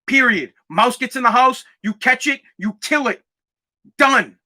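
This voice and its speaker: Young guy podcasting, loud and cursing, really bright high voice. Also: expressive, unhurried. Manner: brash, profane, emphatic. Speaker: podcast host. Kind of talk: casual storytelling chat.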